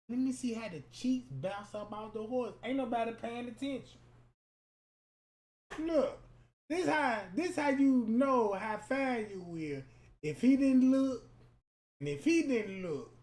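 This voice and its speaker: A man giving profane comedic roast commentary that is loud, crude and mocking, with sudden shouts. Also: very high voice. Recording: roomy echoey room.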